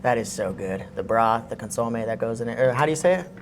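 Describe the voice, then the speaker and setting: A man's voice: mid-range voice, lively intonation, a little hiss or hum. A man hosting a casual podcast chat, telling rambling stories. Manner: fast, rambling storyteller. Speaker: podcast host.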